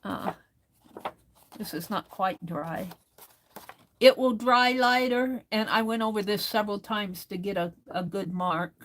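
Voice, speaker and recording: A woman's voice: mid-range voice, steady tone, measured pace, fairly bright tone, slight background noise. A woman hosting a crafting livestream, chatting casually and reading viewer comments aloud as she works.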